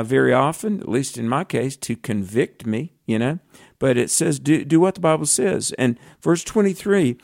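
A man's voice: mid-range voice, creaky, darkish tone, dry recording, studio quality. A man co-hosting a conversational Bible teaching, earnest and reflective, quoting scripture as he talks. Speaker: co-host.

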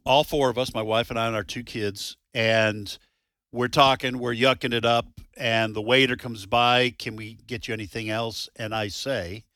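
A middle-aged man with a bright, forceful voice banters on a talk radio show. He spins a story in a chatty way and laughs easily. The sound is dry and close. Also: medium pitch, fairly even intonation, normal speed, no room sound.

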